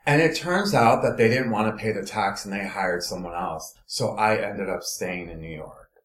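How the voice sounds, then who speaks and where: A man from Los Angeles, a guest in an interview, telling his career story in an animated, meandering way. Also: fairly low pitch, moderate pace, echoey room. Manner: animated storytelling, trailing off and restarting. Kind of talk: casual conversational interview.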